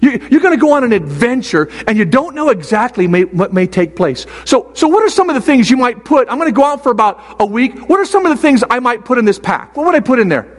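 Older male pastor, high voice, hall echo. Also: very animated. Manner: storytelling, halting with many restarts. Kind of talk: sermon. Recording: long hall reverb.

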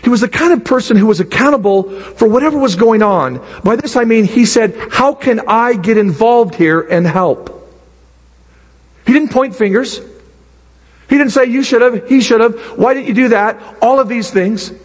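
An older man preaching a sermon, animated, swinging from low quiet asides to high excited bursts. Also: moderate pace, slightly rough, big-room sound. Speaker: pastor.

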